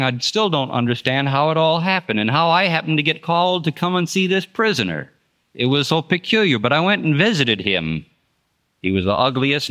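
A man's voice: mid-range voice, a bit bright. An older man preaching a storytelling sermon in an earnest, folksy way, rising and dropping for emphasis. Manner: earnest, folksy, rises and drops sharply for emphasis.

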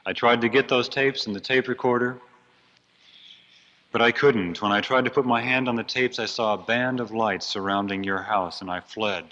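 A man voicing a hateful, taunting demon in a told story, barely shifting from his own low voice. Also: normal speed, pushed and bright, natural voice. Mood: defiant. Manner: taunting, defiant. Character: hateful demon possessing a young woman. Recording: dull lo-fi recording.

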